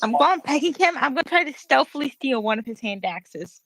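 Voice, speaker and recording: Gravelly higher-voiced woman player. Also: lively intonation, fast, crowd noise, rough recording. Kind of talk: casual chat while playing a tabletop game.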